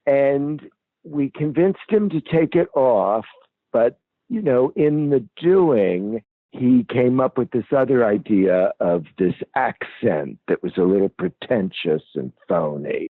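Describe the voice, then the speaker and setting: A man with a low, gravelly, husky voice speaks slowly and wryly in an archival interview. The recording is dry and tinny, like a phone line. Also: expressive, no room sound.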